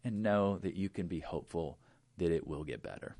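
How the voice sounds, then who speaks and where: A man, a pastor, talking casually on a podcast with a relaxed, gently exhorting manner. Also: low voice, a little fast, vocal fry, no echo, studio quality.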